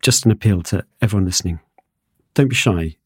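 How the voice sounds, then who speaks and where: A man's voice: sits low, a little fast, slightly rough, no room sound. A man hosting a podcast in a studio, chatting casually with hesitant restarts and fillers. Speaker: podcast host.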